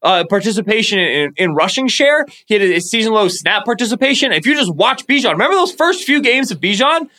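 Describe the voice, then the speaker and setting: A man co-hosting a sports podcast, talking fast and animated, breaking into theatrical mock-biblical rants. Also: sits high. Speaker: podcast co-host.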